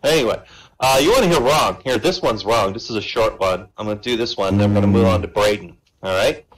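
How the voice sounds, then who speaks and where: A man telling jokes at a comedy show, relaxed and chatty, with asides to the audience. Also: lowish voice, quick pace, low-quality recording. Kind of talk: stand-up joke telling.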